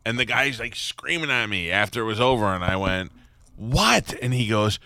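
Bright, crisp-voiced radio host man. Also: lowish voice, fairly quick, no room sound, clean studio sound. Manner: storytelling, animated, mocking. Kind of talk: casual studio banter. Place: radio studio.

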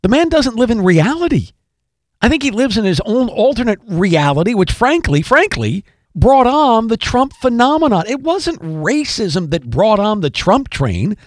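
Man, podcast host, political commentary, emphatic, argumentative, high and lively voice, dry sound. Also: normal speed, dry recording. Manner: emphatic, repeats key phrases for effect; argumentative, addresses listeners directly.

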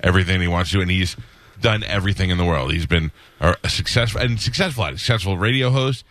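A man's voice: low voice, fast, fairly bright tone, no echo. A man hosting a radio show in a studio, chatting loosely and jokingly with his guest. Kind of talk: casual radio interview chat.

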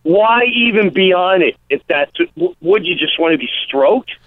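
A comedian in a casual radio interview, telling animated stories and acting out quotes. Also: male voice, sits high, moderate pace, no echo. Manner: animated storytelling, acts out quotes. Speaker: comedian guest. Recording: tinny phone-line sound.

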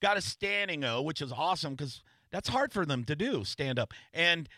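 Male radio host, bright and forceful, dry close mic, rambling storyteller. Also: a little high, big pitch swings, moderate pace, no echo. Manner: rambling storyteller, many restarts and fillers. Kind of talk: casual radio interview chat.

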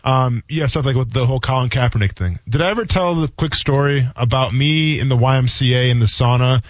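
A man's voice: mid-range voice, no room sound. A man in his thirties, a former football player co-hosting a sports radio show, telling stories in a rambling, casual way full of fillers. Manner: rambling, fast, many "like" fillers. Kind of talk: casual radio chat, storytelling. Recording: dull lo-fi radio sound.

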